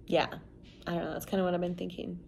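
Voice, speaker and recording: A woman's voice: lowish voice, level tone, quick pace, gravelly, a little mellow, a little hiss or hum. A young woman from the United States talking casually to the camera in a vlog, candid and rambling, with lots of "like" and "you know". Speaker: vlogger. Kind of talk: casual confessional chat to camera.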